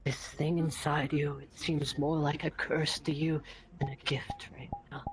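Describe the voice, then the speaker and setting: Slow, breathy roleplay narrator, a man. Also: a little high, flat delivery, a little hiss or hum. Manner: slow, breathy, builds to intense climaxes. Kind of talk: dramatic second-person roleplay narration. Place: online voice chat.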